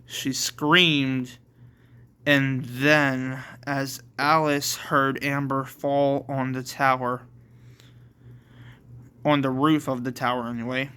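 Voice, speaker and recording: A man's voice: mid-range voice, level tone, slow pace, pauses often, sharp tone, clear, resonant tone. A man reading his own homemade story aloud, plainly and with self-corrections.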